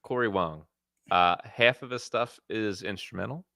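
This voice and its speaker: A man's voice: on the low side, normal speed, vocal fry, bright, forceful tone, dry recording, clean studio sound. A man co-hosting a live podcast, chatting casually and wryly as he rates music. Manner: wry, joking. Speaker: podcast co-host. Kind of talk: casual review chat.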